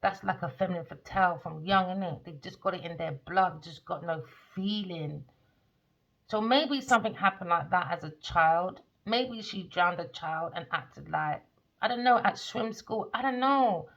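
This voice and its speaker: A woman talks through a tarot reading in a rambling, emphatic monologue full of slang. Her voice has a gravelly fry to it. The recording sounds dull and lo-fi. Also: on the low side, moderate pace. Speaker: tarot reader.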